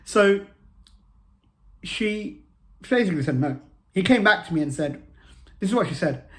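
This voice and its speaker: A man's voice: high-pitched, animated, normal speed, long pauses, fairly bright tone. Earnest man telling his story. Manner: earnest, repeats phrases for emphasis. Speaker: motivational vlogger. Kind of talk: personal storytelling to camera.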